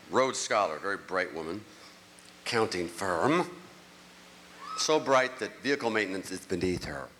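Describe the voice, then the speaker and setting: A man in his sixties doing a stand-up comedy routine on a theater stage, ranting animatedly and swinging between grumbling and squeaky outbursts. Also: pushed and bright. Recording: echoey hall, clear crowd noise. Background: audience.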